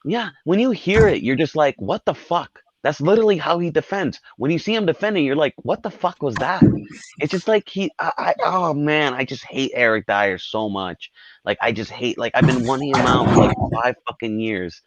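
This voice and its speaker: A man on a fan call-in rants with heavy swearing and keeps throwing in bro. His pitch swings widely as he talks. The line sounds dull and dry. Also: a little fast, no echo. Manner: profane, animated, keeps saying bro. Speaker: fan caller. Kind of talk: heated fan call-in rant.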